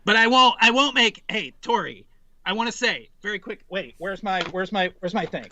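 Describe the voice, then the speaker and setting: A man in his forties, a podcast guest, telling an animated, rambling story in casual chat, full of restarts. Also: sits high, moderate pace, a little hiss or hum.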